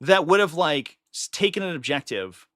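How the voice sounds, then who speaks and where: A man with a slightly high, animated voice hosts a live stream at a moderate pace, sounding pushed and bright. He gives chatty, opinionated casual commentary and slips into mock voices of others, captured in clean studio sound with no echo.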